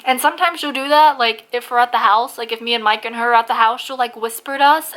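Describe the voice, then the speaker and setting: Woman, casual ranting vlog, blunt, profane, filler-heavy, losing her voice, slightly high pitch. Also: fast, hardly any pauses, fairly bright tone. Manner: blunt, swears a lot, heavy use of "like". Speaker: vlogger.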